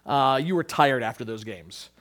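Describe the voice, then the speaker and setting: A man's voice: mid-range voice, expressive, moderate pace, a bit bright. A male pastor preaching a sermon, earnest, often restarting his words.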